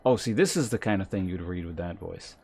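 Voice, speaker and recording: A man with a low, gravelly voice chats quickly as he plays a game on stream. His tone is husky and self-mocking, and he jumps from thought to thought. The delivery is loose and casual. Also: lively intonation, warm tone.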